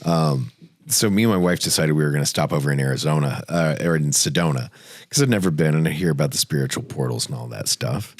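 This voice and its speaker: A man's voice: extremely low pitch, fast talker, dry recording. A man hosting a podcast, telling a story casually and animatedly, cursing freely. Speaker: podcast host.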